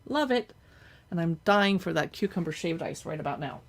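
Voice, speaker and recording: A woman's voice: on the low side, animated, moderate pace, slight background noise. Chatty woman reading cookbook recipes. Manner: chatty, reads recipe names aloud with reactions. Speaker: cookbook reviewer livestreaming. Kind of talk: casual live cookbook look-through.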